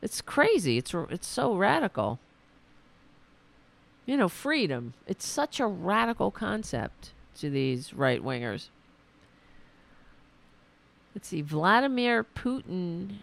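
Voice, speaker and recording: A woman hosting a political podcast, delivering an indignant, scolding rant while her voice is going hoarse. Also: mid-range voice, big pitch swings, takes it slowly, pauses often. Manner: indignant, scolding, swears, talks to her dog aside. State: losing her voice. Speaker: podcast host. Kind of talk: ranting political commentary.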